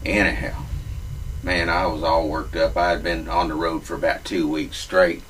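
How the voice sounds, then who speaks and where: A man's voice: deep voice, level tone, normal speed, a bit bright, recorded from a distance, rough recording. Man, profane drawling storyteller, set back from the mic, faint room hum. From Louisiana. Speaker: comic storyteller. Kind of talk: crude comic monologue.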